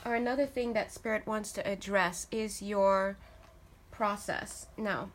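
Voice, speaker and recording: Casting: woman, tarot reader, relaxed chatty delivery, laughs easily, mid pitch. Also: a little slow, a little hiss or hum. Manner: chatty, laughs often, addresses viewers as guys. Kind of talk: casual channeled tarot reading.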